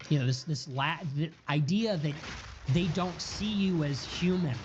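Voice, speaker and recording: A man's voice: fairly high pitch, measured pace, noisy background. A man giving a heated political monologue, repeating and stacking words in a building rhythm, with profane outbursts. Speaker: political streamer. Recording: dull lo-fi audio.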